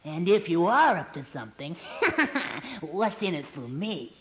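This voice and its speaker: A man's voice: high voice, big pitch swings, slow, fairly bright tone, voice pushed down, exaggerated voice. A man voicing Knuckles, a greedy, nosy male squirrel in a storybook recording. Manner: prying, greedy.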